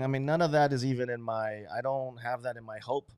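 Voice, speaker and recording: A middle-aged man talking casually and profanely, jumping into little acted-out quotes along the way. His voice sits at an ordinary pitch. The recording is dry and close, with no room sound. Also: fairly quick, clean tone, no echo. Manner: animated, swears a lot, acts out quotes in other voices.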